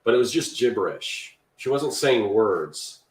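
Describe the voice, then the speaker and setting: A man telling a story in a casual group chat, animated. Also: mid-range voice, unhurried, a little hiss or hum. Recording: echoey and distant from mic.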